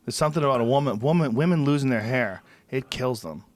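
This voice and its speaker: A man hosts a loose, casual chat. He reacts to stories and riffs on them, swearing freely. His voice sits in a middle pitch, recorded dry and close. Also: animated, quick pace, no room sound.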